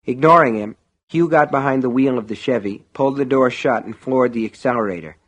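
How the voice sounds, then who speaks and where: Male audiobook narrator, mid pitch, steady wry storytelling. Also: brisk.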